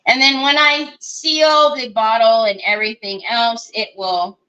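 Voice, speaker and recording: A woman's voice: on the high side, steady tone, measured pace, bright, forceful tone, highs cut off. A woman hosting a live crafting demonstration, chatting and thinking aloud as she works and greeting viewers by name. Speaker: craft livestream host.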